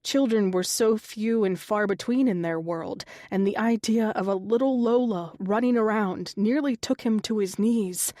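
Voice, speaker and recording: A woman reads a romance audiobook in a steady, even storytelling voice. Her pitch sits in the middle. The recording is close and dry, with no room sound. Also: normal speed, few pauses, no echo. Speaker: audiobook narrator. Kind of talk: scripted narration.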